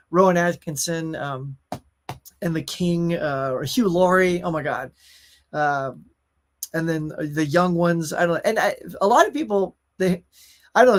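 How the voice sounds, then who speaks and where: Chatting about new movie releases, a male host reads out viewer comments on a casual live stream and often calls his viewers y'all. His voice is high-pitched and a bit bright.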